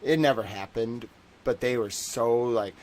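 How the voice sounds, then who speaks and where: A young man hosts a livestream in a mid-range, darkish voice, speaking a little slowly. He rambles and jokes, full of fillers and bits where he acts out voices. Slight background noise comes through on a rough recording.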